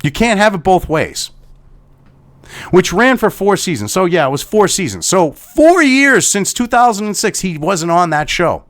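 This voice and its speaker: A man rants into the mic, heated and sarcastic, swearing with almost every phrase. His voice sits high for a man and rises and falls widely, full of indignation. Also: big pitch swings, normal speed, a bit bright. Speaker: online commentator. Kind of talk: angry profane rant.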